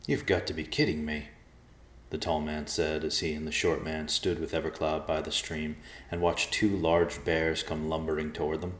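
A man narrates a storybook in a deep, low voice, steady and even. His reading carries a roomy echo. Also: normal speed, few pauses. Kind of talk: audiobook narration.

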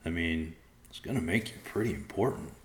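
Male reader doing a young bear cub, cheeky, teasing, deep voice. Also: expressive, brisk, reverberant. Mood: playful.

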